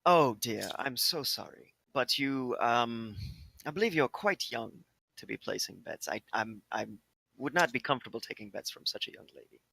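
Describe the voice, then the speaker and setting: A man's voice: medium pitch, animated, normal speed, vocal fry, sharp tone, husky, no echo, heavily acted. A man voicing a courteous bookie's agent who speaks in a formal, overly polite manner. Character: courteous male bookie's agent, smooth talker.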